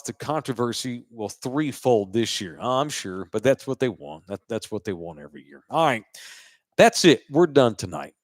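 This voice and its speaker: A man's voice: medium pitch, no room sound, clean studio sound. A man hosting a college football postgame podcast, blunt and opinionated, swearing freely in casual chat. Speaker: sports podcast host.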